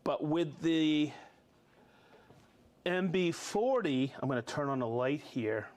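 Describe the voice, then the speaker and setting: A man hosting a live tool demonstration show, talking casually with jokes and quick bursts of speech. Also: on the high side, a little mellow. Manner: jokey, upbeat, quick bursts of talk. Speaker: host of a tool demo show. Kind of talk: casual live demo chat.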